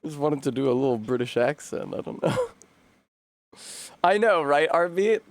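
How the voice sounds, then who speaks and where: A man's voice: on the high side, animated, moderate pace. A young man from the United States chatting on a live stream, rambling and wry, swearing and laughing often. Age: young adult. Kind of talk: casual live-stream chat.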